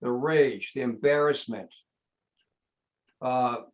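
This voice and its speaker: A man's voice: medium pitch, slow pace. A man, a hypnotherapist guest on a podcast, telling a story in blunt, emphatic bursts. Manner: emphatic, blunt, punchy short phrases. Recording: slightly dull lo-fi sound.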